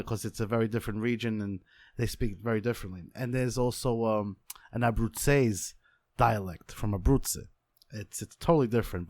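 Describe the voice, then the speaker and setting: Fast-talking New York man. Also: fairly low pitch, dry recording. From Queens, New York. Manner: animated, talks up his Italian roots. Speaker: podcast guest. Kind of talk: casual chat.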